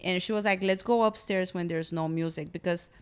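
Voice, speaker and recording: Animated woman telling a wild story. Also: lowish voice, brisk, clean tone. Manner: animated, acts out quotes. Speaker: comedian guest. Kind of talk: casual storytelling chat.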